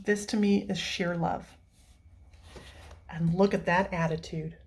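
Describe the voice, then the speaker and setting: A woman's voice: lowish voice, fairly even intonation, a little slow. Gushing, teary woman vlogger. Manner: emotional, gushing, laughs often. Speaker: coloring channel host. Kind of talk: casual heartfelt vlog.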